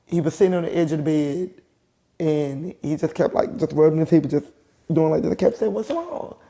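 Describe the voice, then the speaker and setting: A middle-aged woman, a show host, gives a personal testimony in an emotional, halting way, with pauses and restarts. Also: low voice, fairly even intonation, mellow. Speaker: host telling her own story.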